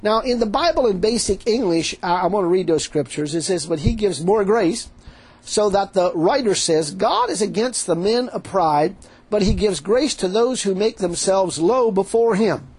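A man preaching a sermon, animated, retelling a story with quoted dialogue. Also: high-pitched, normal speed, husky, rough recording.

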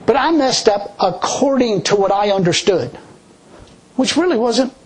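A man preaching a sermon and telling his own story, in a folksy, conversational way with many restarts. He drops into a low, slow voice when he quotes God. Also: expressive, breathy edge, poor audio. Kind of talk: sermon with personal testimony.

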